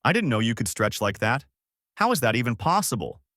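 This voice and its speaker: A man's voice: big pitch swings, brisk, dry recording, studio quality. A man voicing a timid, nervous young male cabin boy who keeps shrieking in alarm. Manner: nervous, shrill yelling.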